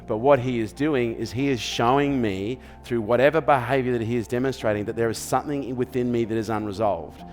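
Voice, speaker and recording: A man's voice: medium pitch, a little fast, hardly any pauses, big-room sound, soft background music. Emphatic Australian coaching man. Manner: emphatic, repetitive, asks "okay?" and "does this make sense?". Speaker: business coach sharing parenting advice. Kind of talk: motivational talk in an interview.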